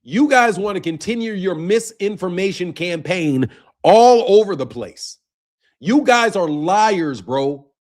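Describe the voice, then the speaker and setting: A man's voice: high voice, lively intonation, measured pace, darkish tone. A young man hosting a boxing livestream, arguing heatedly with viewers in chat and tacking "bro" onto his lines. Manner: combative, ranting at chat, repeats "bro". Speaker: boxing channel host.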